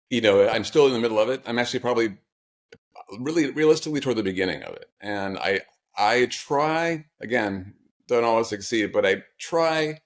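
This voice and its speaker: A man with a medium-pitched voice appears as the author guest in an interview. He tells personal stories reflectively and conversationally, with flashes of wry humor.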